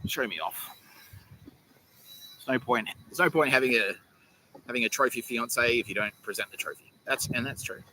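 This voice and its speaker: A man's voice: mid-range voice, brisk, pushed and bright, slight background noise, low-quality recording. A man hosting his own podcast, rambling, joking, swearing and laughing often as he talks to his camera. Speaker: podcast host. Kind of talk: rambling casual monologue.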